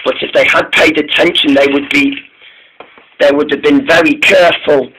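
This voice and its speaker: A man's voice: on the high side, fairly even intonation, normal speed, background noise. A man telling an improvised story about steam engines, often stumbling and restarting his sentences.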